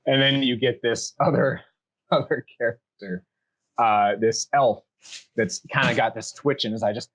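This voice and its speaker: A male dungeon master narrating a tabletop session at an unhurried pace. He rambles casually through scene descriptions, filling pauses as he goes. His voice sits at an ordinary middle pitch. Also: low-quality recording. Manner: relaxed, rambling scene-setting with fillers.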